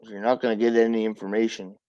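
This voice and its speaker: A man's voice: fairly low pitch, little pitch movement, mellow, no echo, highs cut off. A man hosting a casual livestream chat, blunt and profane, who coughs now and then and says he has been drinking beer since the night before. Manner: talks slowly with pauses and coughs. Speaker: livestream host.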